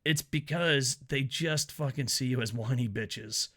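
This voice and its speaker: A man's voice: medium pitch, a little slow, sharp tone. A man giving casual, profane, sarcastic commentary on wrestling news.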